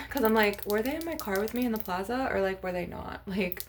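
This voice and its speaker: A woman's voice: mid-range voice, animated, moderate pace, a little hiss or hum. A young woman vlogging casually to her viewers, rambling with lots of "like" and "you guys" as she shows off her crystals. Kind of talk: casual chat to camera.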